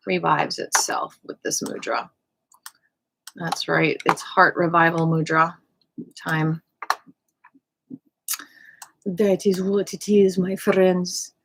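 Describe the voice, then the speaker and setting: A woman leading a casual qi gong class in a playful, joking way, with soft whispered cues for breathing. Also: on the low side, level tone, takes it slowly, gravelly, long pauses, noisy background. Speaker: qi gong instructor.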